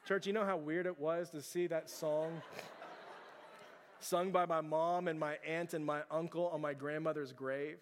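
A man's voice: fairly high pitch, fairly even intonation, normal speed. A young adult male pastor giving a conversational sermon in a church, asking the congregation questions. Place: church sanctuary. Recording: long hall reverb.

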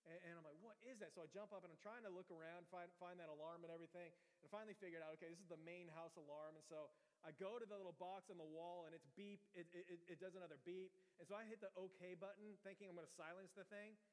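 Fast-talking pastor in a reverberant hall. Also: male voice, high-pitched, fairly even intonation. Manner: prays softly then tells stories animatedly. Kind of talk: sermon with prayer and storytelling.

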